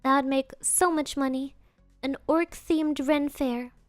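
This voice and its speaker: A woman's voice: sits high, fairly even intonation, a little slow, dry recording, soft background music. A woman streamer chatting playfully with her audience, often giggling and answering viewers' messages. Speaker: virtual streamer. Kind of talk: casual live-stream chat.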